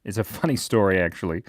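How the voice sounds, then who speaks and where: Reading viewer comments on a kids' drawing livestream, an Australian man chats casually and playfully, swinging between loud bursts and mumbled asides. His voice is lowish with vocal fry, and the mic, set in his beard, picks up no room sound.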